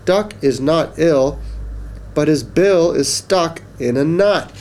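A man's voice: a little high, expressive, slow pace, a little mellow, slight background noise, pitched above the performer's own voice. A man doing a chirpy storybook pig. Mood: urgent. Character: cheerful encouraging farm pig.

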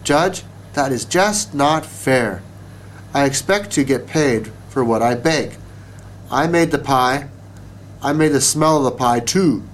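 Self-righteous baker for a storybook, loud and indignant, read by a man. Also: medium pitch, slow pace, a little hiss or hum, natural voice. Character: indignant male town baker, hot-tempered.

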